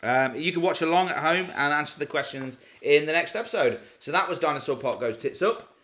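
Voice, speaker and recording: A male podcast co-host in casual comedy chat. His pitch swings up and down a lot, and he laughs often as he jokes along. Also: brisk. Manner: chatty, laughs often, lively intonation.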